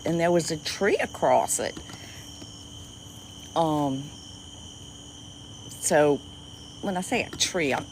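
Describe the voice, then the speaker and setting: A woman with a Cajun accent and a squeaky voice, chatting casually with viewers on a livestream from an outdoor dock at night. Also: slight background noise, poor audio. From Louisiana. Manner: chatty, greets viewers by name, easily delighted. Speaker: livestream host. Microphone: phone livestream.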